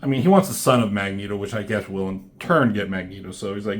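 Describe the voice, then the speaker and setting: A man's voice: fairly low pitch, quick pace. A man casually talking through comic book pages, rambling and swearing, with lots of fillers and restarts.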